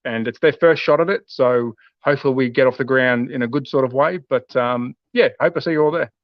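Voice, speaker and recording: A man's voice: medium pitch, fairly quick, no echo. Laid-back Australian man on a dull call. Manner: laid-back, jokey, says mate a lot. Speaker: guest cohost. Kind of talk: casual chat. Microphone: remote video call.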